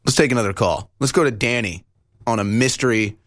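A man's voice: mid-range voice, a little fast, a bit bright, dry recording, studio quality. A man co-hosting a talk radio show, joking and bringing in callers. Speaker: radio co-host. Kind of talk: casual talk radio banter.

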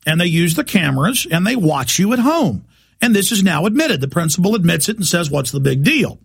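A man's voice: high voice, big pitch swings, a little fast, vocal fry, breathy edge. A man hosting a talk radio show, delivering a heated, emphatic monologue.

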